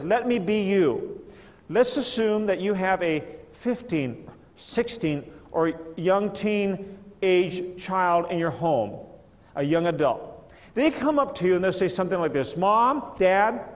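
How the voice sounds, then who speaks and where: A middle-aged man preaching as an evangelist, telling stories in an animated way with many stammered repetitions. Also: high-pitched, a little slow. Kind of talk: storytelling sermon to a live audience. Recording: reverberant hall, live audience.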